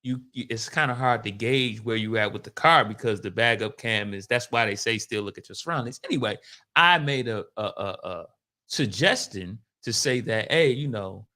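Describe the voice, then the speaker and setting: A man co-hosting a podcast in casual chat, telling stories with animation and laughing often. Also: normal speed. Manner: animated storytelling, rising high when worked up, laughs often. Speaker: podcast co-host.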